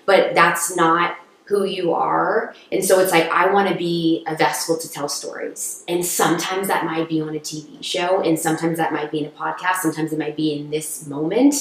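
An earnest young woman talks in a slightly low voice, encouraging and thoughtful. She sounds like a guest on a podcast. The room around her rings with heavy echo. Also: a little hiss or hum. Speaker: guest, actress. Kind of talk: reflective podcast conversation. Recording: echoey room.

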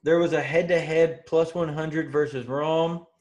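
A man's voice: on the high side, steady tone, measured pace, darkish tone, muffled recording. A man co-hosting a podcast, chatting in an easygoing way with fillers. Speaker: podcast co-host. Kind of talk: casual sports podcast chat.

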